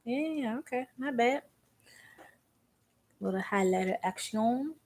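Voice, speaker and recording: A young woman from Arkansas talks her way through a makeup routine, chatty and rambling. She drifts into stories in a relaxed vlogger's voice, with some Southern slang. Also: a little high, slow. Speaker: beauty vlogger. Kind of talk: chatty makeup tutorial storytelling.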